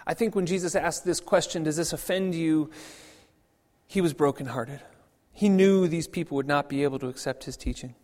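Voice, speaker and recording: Pastor preaching in a reverberant church. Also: male voice, on the high side, brisk, few pauses, darkish tone. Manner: conversational, frequent repeated restarts. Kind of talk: sermon. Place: church sanctuary.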